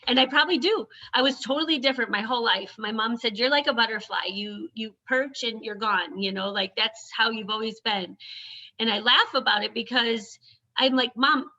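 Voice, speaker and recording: A woman and mother talking in an animated, chatty way, often quoting others in quick asides. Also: on the high side. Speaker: mother and autism advocate. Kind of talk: casual conversation. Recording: dull lo-fi audio.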